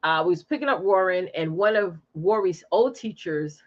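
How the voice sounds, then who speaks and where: Animated, chatty woman on a muffled stream. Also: fairly low pitch, normal speed. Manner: animated, chatty, reads out viewer comments. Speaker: live stream host. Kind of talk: casual chat with live viewers. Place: home.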